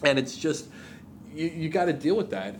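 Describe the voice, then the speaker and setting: A man in casual chat, telling stories in an animated way and swearing freely. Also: fairly high pitch, moderate pace, a little hiss or hum.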